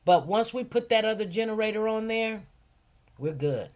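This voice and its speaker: A woman hosting a casual livestream, chatty and rambling, repeating phrases and talking in relaxed informal grammar. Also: mid-range voice, normal speed. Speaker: livestream host and food truck owner.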